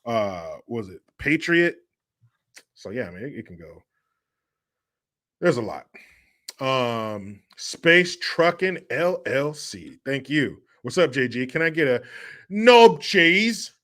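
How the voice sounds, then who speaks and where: A man's voice: mid-range voice, big pitch swings, takes it slowly, pauses often, pushed and bright. A man hosting a casual livestream, loose and joking as he reads chat messages aloud. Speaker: livestream host.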